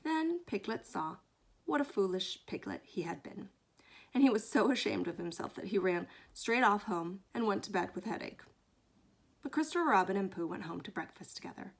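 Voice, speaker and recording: A woman reading a children's book aloud, expressive and fond, often dropping into hushed whispers. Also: mid-range voice, normal speed, creaky, husky. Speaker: storyteller.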